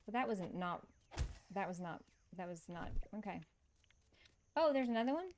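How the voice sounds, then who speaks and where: A woman's voice: mid-range voice, expressive, moderate pace, a little hiss or hum. Chatty woman streaming a game. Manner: chatty, laughs often, reads and answers chat. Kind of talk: casual gaming stream chat.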